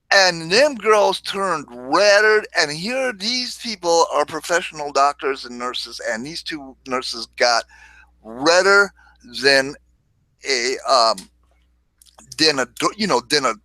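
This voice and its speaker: Bright, dry-voiced man telling crude stories. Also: on the high side, dry recording, rough recording. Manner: rambling, crude, laughs often. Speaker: livestream host. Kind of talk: casual storytelling livestream.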